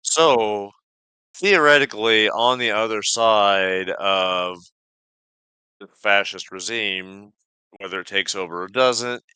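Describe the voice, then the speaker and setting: A man co-hosting a podcast in casual political chat, swearing freely and riffing with energy. His voice is lowish, bright and forceful, with a smooth, crisp tone. The sound is dry and close. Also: slow pace, no room sound. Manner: profane, animated, riffing. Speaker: podcast co-host.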